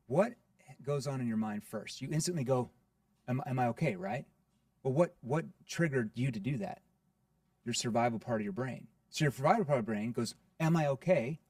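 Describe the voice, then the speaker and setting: A man guest on a podcast interview, explaining sales in an energetic teaching way, often asking rhetorical questions like "right?". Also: medium pitch, no echo, clean studio sound, distant mic.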